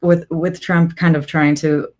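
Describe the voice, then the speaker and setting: A woman's voice: deep voice, little pitch movement, unhurried, a little mellow. A woman as a podcast guest in casual political chat, sardonic and argumentative, making her points with rhetorical questions and occasional swearing.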